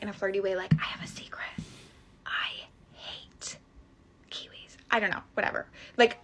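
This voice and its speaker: A woman's voice: medium pitch, a bit bright. A woman giving playful dating tips in a chatty way, with many fillers, in a played clip. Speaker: dating advice creator. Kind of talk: casual advice clip.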